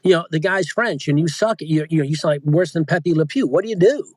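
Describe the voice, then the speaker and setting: Chatty man with a rambling, higher voice. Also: fast talker, darkish tone, no room sound. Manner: rambling, self-interrupting, chatty. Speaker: audiobook narrator and coach, guest. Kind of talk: casual interview chat.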